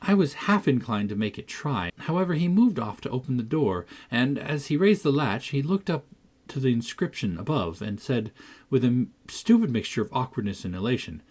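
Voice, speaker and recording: A spirited young girl recounts her adventures in a classic storybook, read by a man. The voice is husky, and its pitch rises and falls in a lively, animated way. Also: normal speed. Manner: lively first-person storytelling. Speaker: audiobook reader. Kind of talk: audiobook narration.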